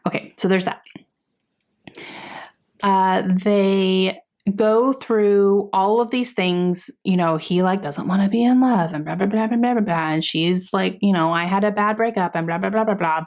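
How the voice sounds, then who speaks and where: A woman's voice: mid-range voice, measured pace, a little mellow. A young woman vlogging a chatty book review, exasperated at times, with frequent sighs and fillers. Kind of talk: casual book review chat.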